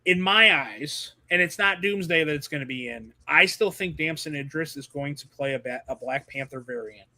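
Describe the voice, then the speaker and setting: A man hosting a casual movie podcast, rambling and animated with lots of fillers over a video call. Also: a little high, normal speed, few pauses. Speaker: podcast host.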